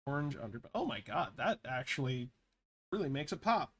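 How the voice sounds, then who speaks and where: A man's voice: medium pitch, very animated, moderate pace, fairly bright tone. A man in his thirties, chatting casually while drawing pixel art, rambling and swearing freely. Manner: rambling, swears freely, laughs at own stories. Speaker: pixel artist and vlogger.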